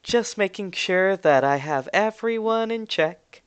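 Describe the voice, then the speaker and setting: A man's voice: sits high, animated, a little slow, clean tone, pitched above the performer's own voice. A man voicing a smug, mean teenage girl bully who taunts with a sugary, mocking sweetness in a tabletop game. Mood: taunting.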